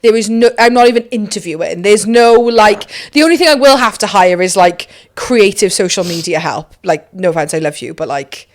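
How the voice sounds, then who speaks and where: A woman's voice: mid-range voice, lively intonation, fairly quick, few pauses. A young adult woman hosting a podcast in casual chat, gushing and emphatic, swearing freely. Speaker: podcast host.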